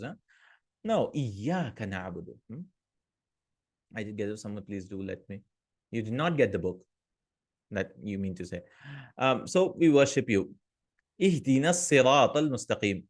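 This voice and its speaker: A man's voice: medium pitch, very animated, normal speed, long pauses. A man teaching an online Arabic grammar lesson, explaining step by step and often checking in with listeners. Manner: explanatory, checks in with "right?" and "hmm?".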